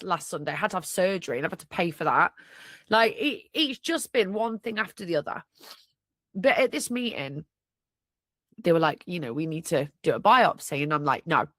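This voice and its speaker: A woman's voice: mid-range voice, fairly bright tone, no room sound. A young woman hosting a personal podcast, talking candidly and emotionally with a blocked nose, sniffing and tearful, with many restarts. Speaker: podcast host.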